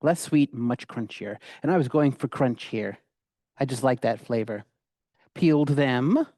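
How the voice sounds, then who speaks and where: A man's voice: medium pitch, lively intonation, measured pace, warm tone, no room sound, clean studio sound. A middle-aged man giving a casual, rambling cooking demonstration, with many fillers and restarts. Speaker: cooking instructor.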